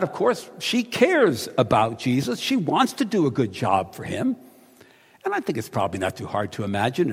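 A man's voice: on the high side, slightly rough. A man preaching a sermon in a conversational, storytelling manner. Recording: long hall reverb.

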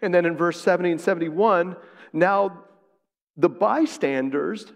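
Male preacher, sermon, dramatic delivery, fairly high voice, long hall echo. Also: unhurried, vocal fry. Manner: dramatic, acts out quoted lines with big swings in pitch and volume.

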